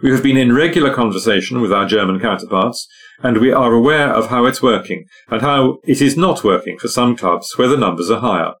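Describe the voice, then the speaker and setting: A man reading a newspaper sports article aloud at a steady, even pace. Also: mid-range voice, brisk. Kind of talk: read-aloud news article.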